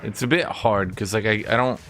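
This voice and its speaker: A man's voice: fairly low pitch, fairly even intonation, a little fast, fairly bright tone, faint music behind. A man streaming a game, chatting jokily with his viewers as he plays. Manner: joking, chatty, talks to chat. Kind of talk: casual gameplay commentary.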